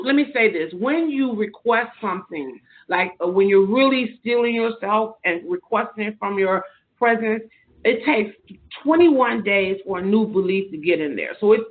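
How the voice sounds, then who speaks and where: A woman guest in an interview, earnestly telling spiritual personal stories in long, loose anecdotes. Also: medium pitch. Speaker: podcast guest. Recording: narrow phone-like sound.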